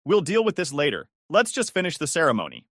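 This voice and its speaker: A humiliated young bride seething with fury, as a male storyteller puts her on. Her words come out high and spat, and the pitch lurches up and down. The voice is close and dry. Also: huge pitch swings, fast, a bit bright, no echo, full character voice. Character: betrayed bride, young woman, furious.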